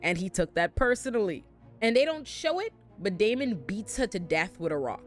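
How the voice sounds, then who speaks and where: A woman's voice: mid-range voice, very animated, normal speed, soft background music. A woman hosting a casual TV recap, sassy and profane as she tells the story. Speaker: host.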